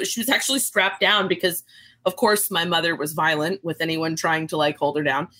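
A woman's voice: on the low side, fairly quick. A woman in her thirties, a guest author, chatting in an interview and acting out the people in her stories. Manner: animated storyteller, acts out quoted voices. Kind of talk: casual interview chat.

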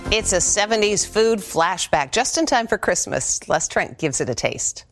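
A woman reading news stories in a measured broadcast style as the anchor. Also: medium pitch, expressive, over music.

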